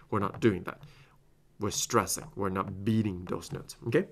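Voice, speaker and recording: In a recorded masterclass, a man teaches clarinet with a lowish voice at a moderate pace. He explains phrasing step by step and sings passages on scat syllables.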